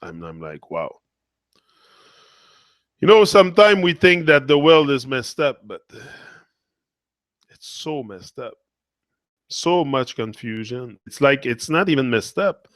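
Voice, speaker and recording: A man's voice: medium pitch, big pitch swings, slow pace, pauses often, a bit bright, no echo. Earnest man in a dry monologue. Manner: earnest, repetitive, emotional. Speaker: motivational speaker. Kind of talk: impassioned monologue.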